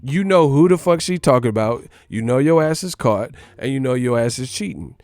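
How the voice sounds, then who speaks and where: A man's voice: medium pitch, brisk, a little mellow, no room sound, clean studio sound. A cocky man ranting about boxing, talking brashly and swearing a lot. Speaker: boxing commentator. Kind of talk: profane ranting monologue.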